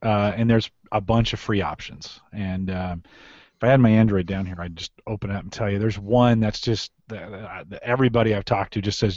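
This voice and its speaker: A man's voice: on the low side, steady tone, brisk, a little mellow, no room sound. A man hosting a casual tech podcast, loose and jokey. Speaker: podcast host. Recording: dry lo-fi podcast mic.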